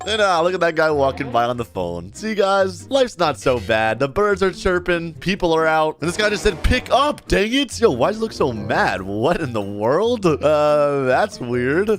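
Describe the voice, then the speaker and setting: A man giving chatty, excitable commentary on a roleplay game, often calling people "bro.". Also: on the high side. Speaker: gaming video host.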